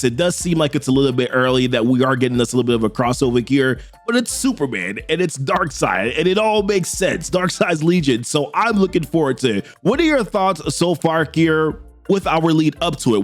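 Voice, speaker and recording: Animated man hosting a comic recap. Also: a little high. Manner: animated and chatty, with slangy asides. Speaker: comic book recap host.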